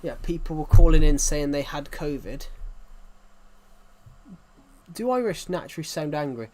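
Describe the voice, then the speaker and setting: A man's voice: a little high, animated, moderate pace, warm tone, slight background noise. A British man streaming live, chatting casually in an opinionated, rambling way with many restarts. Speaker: livestreamer. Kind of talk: casual livestream chat.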